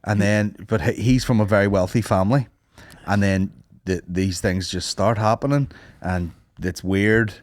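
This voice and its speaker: A man's voice: lowish voice, normal speed, no room sound. A young man hosting a podcast, chatting casually and telling stories full of swearing. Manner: animated, sweary storyteller. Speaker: podcast host. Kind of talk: casual chat.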